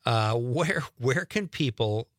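A man's voice: mid-range voice, expressive, slow pace, no echo. Male radio host, mid-range voice, dry studio sound, loose and chatty. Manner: chatty, rambling, self-deprecating asides. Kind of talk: casual radio chat. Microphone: studio microphone.

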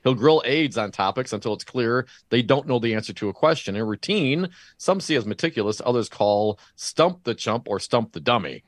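A man's voice: mid-range voice, lively intonation, moderate pace, hardly any pauses, dry recording, studio quality. A man co-hosting a casual news chat, wry and joking, often restarting his words. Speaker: podcast co-host.

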